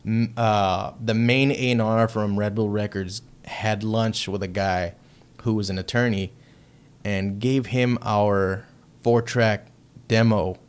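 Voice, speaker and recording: A man from Texas, a heavy metal band member, telling a story as a podcast guest in a loose, profane and excitable way. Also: fairly low pitch, slow pace, smooth. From Texas, United States. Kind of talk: casual storytelling chat.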